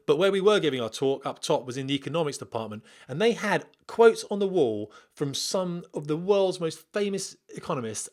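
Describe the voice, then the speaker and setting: Rambling man hosting a podcast. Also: fairly high pitch. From Britain. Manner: rambling, digressive, chatty. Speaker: podcast host, former military pilot. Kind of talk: casual podcast monologue reading a listener email. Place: at home.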